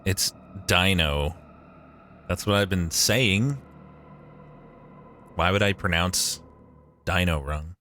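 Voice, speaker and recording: A man's voice: low voice, slow pace, pauses often, sharp tone, a little hiss or hum. A young man streaming a game live, chatting with his viewers, swearing often and joking sarcastically.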